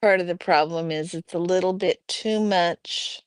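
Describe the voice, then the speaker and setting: A woman hosting a casual livestream at home, chatting and reading out viewers' messages in a relaxed way. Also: on the low side, a little slow, clean tone, dry recording. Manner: relaxed, reads chat aloud, chatty asides. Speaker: livestream host. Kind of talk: casual chat with live chat.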